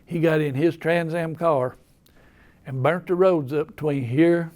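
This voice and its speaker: A man's voice: a little high, measured pace, darkish tone. An older man with an Appalachian accent, telling rambling, folksy stories in casual talk. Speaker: storyteller. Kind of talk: casual storytelling.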